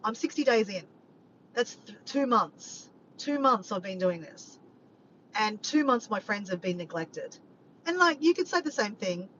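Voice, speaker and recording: A woman's voice: medium pitch, lively intonation, unhurried, a bit bright. A woman chatting casually to her vlog audience, rambling from point to point and swearing freely. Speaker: vlogger. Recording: dull lo-fi sound with faint background noise.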